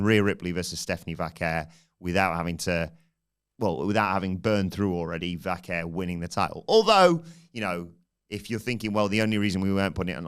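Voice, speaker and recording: Man, very deep voice, smooth and clear, podcast host, rambling commentary. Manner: rambling, thinking aloud.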